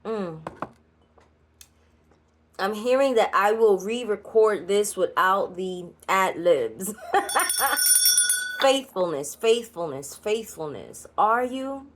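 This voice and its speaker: A woman's voice: mid-range voice, expressive, slow, long pauses, a little hiss or hum. A woman with a New York Puerto Rican accent giving a channeled card reading, chatty and blunt, with laughing asides. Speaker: spiritual card reader. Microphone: solo creator recording.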